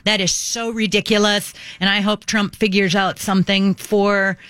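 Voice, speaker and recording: A woman's voice: medium pitch, little pitch movement, fairly bright tone, no echo. A woman from Minnesota hosting political talk radio, emphatic and indignant. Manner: emphatic, indignant, fast asides. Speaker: radio talk show host.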